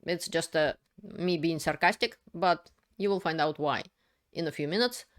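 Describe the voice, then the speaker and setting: A woman hosting her own political video channel, explaining events in a casual, unscripted way with halting, explanatory delivery. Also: deep voice. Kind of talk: casual spoken commentary to camera.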